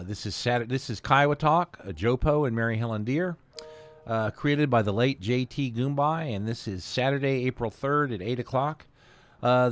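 Relaxed male radio host. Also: medium pitch, dry recording. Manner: relaxed, hesitant with fillers. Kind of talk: casual radio announcing. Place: radio studio.

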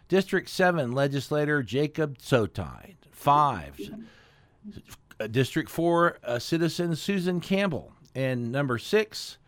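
A man's voice: on the high side, fairly bright tone, no echo. A man hosting a community radio talk show in an easygoing, casual way. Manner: easygoing, with fillers and restarts.

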